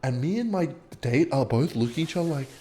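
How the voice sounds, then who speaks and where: Young man, gaming vlogger, storytime commentary, lively swinging pitch, swears freely. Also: fast. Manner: animated, swearing, bursts of excitement while playing. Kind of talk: storytime commentary over gameplay.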